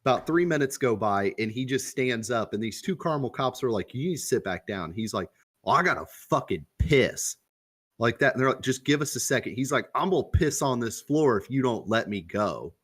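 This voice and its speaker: A man's voice: medium pitch, animated, brisk, slightly rough. A young man co-hosting a podcast, telling a story in a loose, profane, casual way and acting out the quoted lines. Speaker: podcast co-host.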